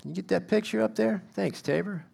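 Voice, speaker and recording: A man's voice: high-pitched, fairly quick, gravelly, darkish tone, husky. A middle-aged man preaching a sermon in a conversational, self-deprecating way, building to emphatic bursts.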